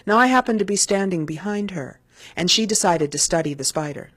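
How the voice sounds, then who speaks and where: A woman telling a spoken family anecdote in an animated, comic way. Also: mid-range voice, fairly quick, dry recording. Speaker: storyteller.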